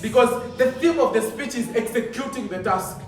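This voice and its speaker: A man's voice: extremely high pitch, moderate pace. Brief: male competition judge coaching contestants, emphatic and repetitive, heard from a distance in a very echoey hall, faint background hum. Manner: emphatic, repeats points with rhetorical questions. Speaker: poetry competition judge and trainer.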